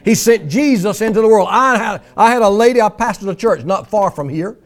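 A man's voice: high voice, expressive, brisk. A male pastor preaching a sermon in a folksy, emphatic way, mimicking pleading prayers for effect.

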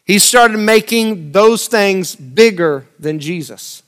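A man preaching a sermon, swinging between loud, urgent lines and quiet, close asides, and repeating phrases for emphasis. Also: high-pitched, expressive, takes it slowly.

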